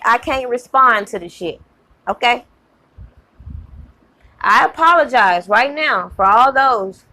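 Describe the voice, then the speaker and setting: A fired-up woman rants to her channel audience, swearing freely and hammering her points home. Her voice sits a little on the high side and jumps up sharply when she gets worked up. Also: a bit bright. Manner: heated, profane, emphatic, repeats herself. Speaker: channel host. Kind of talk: angry rant to camera.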